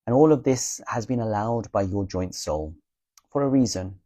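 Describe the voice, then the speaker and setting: Low mellow man giving earnest spiritual advice. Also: animated, moderate pace, no room sound. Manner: earnest, reassuring, often checks in with "okay?", blunt and swears casually. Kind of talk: casual spiritual talk to viewers.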